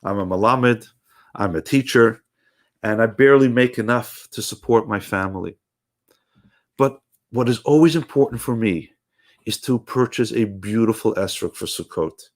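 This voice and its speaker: A man's voice: lowish voice, normal speed, close to an everyday voice. A man telling it as a humble, earnest poor teacher.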